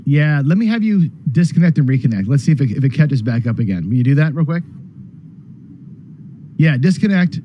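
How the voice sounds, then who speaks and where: A man hosting a live gambling charity stream, rambling casually and clearing his throat as he talks. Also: a little high, big pitch swings, brisk, long pauses, slight background noise. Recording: dull, dry lo-fi stream audio.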